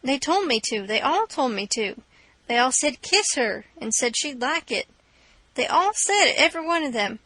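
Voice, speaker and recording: A woman's voice: high voice, sing-song, moderate pace, sharp tone, no room sound, heavily acted. A woman reading an audiobook, voicing a cheeky boy who plays innocent in a mock-humble, sly pleading tone.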